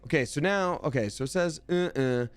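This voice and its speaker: A man's voice: on the high side, brisk, smooth, faint music behind. A man giving live gameplay commentary as a streamer, chatty and jokey, thanking viewers from chat as he plays.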